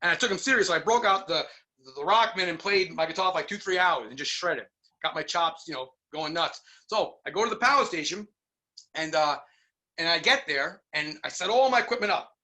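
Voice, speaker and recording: A middle-aged man from New York telling stories in a casual interview, animated and acting out the voices of people he quotes. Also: on the high side, a little fast. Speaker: guest musician.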